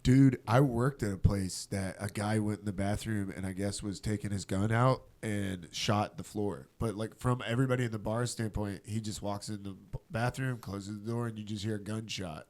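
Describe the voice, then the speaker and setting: A man's voice: on the low side, fairly even intonation, moderate pace, few pauses, darkish tone. A man in his thirties, a podcast host, telling stories in casual chat, swearing a lot and acting out quotes.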